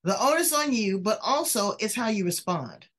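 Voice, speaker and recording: A woman's voice: medium pitch, very animated, normal speed, fairly bright tone. An older woman hosting a talk show, chatting in a frank, folksy way with casual swearing. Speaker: host. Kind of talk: casual interview chat.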